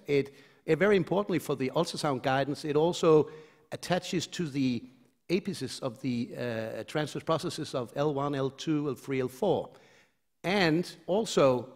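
A middle-aged man giving a conference lecture in a conversational, hesitant way, with frequent restarts, in a large lecture hall. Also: on the high side. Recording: long reverb of a lecture hall.

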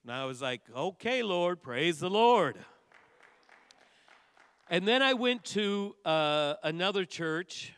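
A man preaching a testimony sermon in a church, telling stories with lively bursts of exclamation. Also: high-pitched, slow pace, pauses often, clear, resonant tone, no room sound, long reverb tail, some chatter behind. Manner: animated storytelling preacher, bursts of loud exclamation. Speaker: pastor. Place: church sanctuary.

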